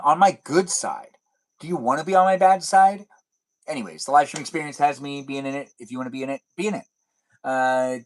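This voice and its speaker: A man hosting a livestream in casual, playful chat, rambling and sometimes drawing words out slowly. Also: mid-range voice. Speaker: livestream host.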